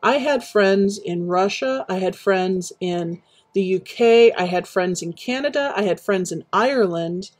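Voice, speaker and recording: A woman chatting casually while building in a game, rambling and reminiscing with many pauses and fillers. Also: mid-range voice, a little mellow, soft background music. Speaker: Minecraft streamer.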